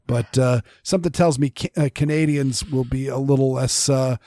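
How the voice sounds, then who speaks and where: This is a studio-quality, echo-free clip of a man co-hosting a podcast. His medium-pitched voice is steady and dark, delivered at normal speed, while he rambles through casual talk with many restarts and fillers.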